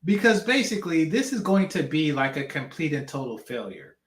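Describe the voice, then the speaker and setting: A man's voice: a little high, big pitch swings, normal speed. Guy reacting to a clip, blunt and slangy, kinda echoey room. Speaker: reaction channel host. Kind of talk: casual commentary on a clip.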